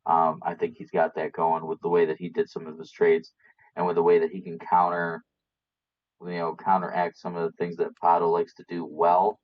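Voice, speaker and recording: A man with a very deep voice that stays flat and level gives his picks on a casual recap show. He speaks hesitantly, pausing and restarting often. The sound is dull and lo-fi. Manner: hesitant, many fillers and restarts. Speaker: podcast co-host. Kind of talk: casual chat about game picks.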